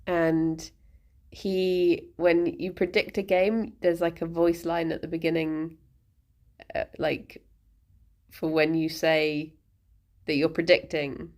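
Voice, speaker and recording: A woman's voice: deep voice, little pitch movement, takes it slowly, pauses often, darkish tone. A woman streamer chatting casually, rambling and giggling often as she talks.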